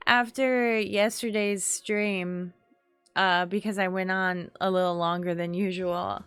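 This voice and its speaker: Young adult woman streamer, sleepy and unhurried, casual chatter at a mid pitch. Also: steady tone, fairly bright tone, smooth, dry recording, soft background music. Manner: slow, drowsy chatter with frequent laughs and sighs. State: tired. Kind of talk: casual gaming stream chat.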